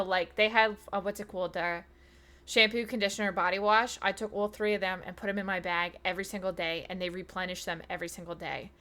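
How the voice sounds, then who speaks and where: A woman streamer chatting casually with her viewers, excitable and talkative, loudly greeting people in chat. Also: mid-range voice. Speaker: streamer host.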